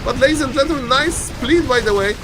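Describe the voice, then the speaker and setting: High-voiced guy casting a game live, excitable, jokey, shouts at players to produce. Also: a little fast, background noise. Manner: excitable, keeps saying ladies and gentlemen, joking. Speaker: esports caster.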